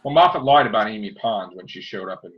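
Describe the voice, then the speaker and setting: A man chatting on a casual fan podcast, animated, exclaiming and laughing often. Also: fairly low pitch, quick pace. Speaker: podcast co-host. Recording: dull lo-fi sound.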